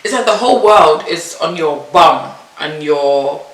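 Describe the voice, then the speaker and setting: A woman vlogger casually telling a personal story to camera, animated and acting out what people said to her. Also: low-pitched, unhurried. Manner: animated, acts out the midwives' and her own lines in a raised voice. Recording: echoey room, mic at a distance, faint hiss.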